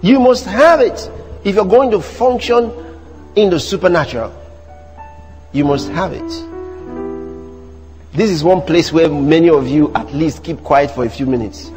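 A man with a Nigerian accent preaching a sermon in church, animated and teasing the congregation. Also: fairly high pitch, unhurried, pauses often, big-room sound. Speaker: pastor. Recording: music playing behind the sermon.

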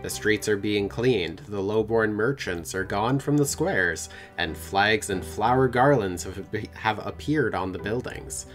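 A man's voice: lowish voice, faint music behind. A man hosting a game play-through, reading the story text aloud and joking between passages in a playful manner. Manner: playful, quick to laugh. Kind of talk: narrating a text game with casual banter.

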